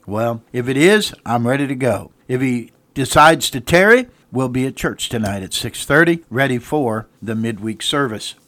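A man's voice: mid-range voice, expressive, normal speed, few pauses, a bit bright, dry recording. A man, a pastor, preaching a radio sermon and hammering points home with repeated rhetorical questions and answers. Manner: emphatic, repeated call-and-response questions. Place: church radio broadcast.

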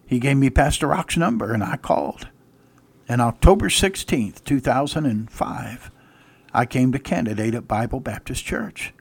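A man's voice: mid-range voice, animated, moderate pace, creaky, slightly rough, no room sound. A male pastor preaching a radio sermon, reading old-style scripture and rising to emphatic exclamations.

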